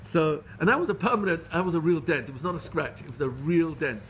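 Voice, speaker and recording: A middle-aged rabbi giving a Torah lecture, telling stories in an earnest, animated way with frequent restarts. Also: male voice, fairly high pitch, fast talker, a little hiss or hum. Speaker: rabbi teaching a class.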